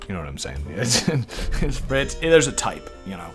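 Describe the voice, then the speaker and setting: A man playing a text adventure game and reading it aloud, animated, laughing often and swearing freely. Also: on the low side, moderate pace, faint music behind. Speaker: gaming video creator.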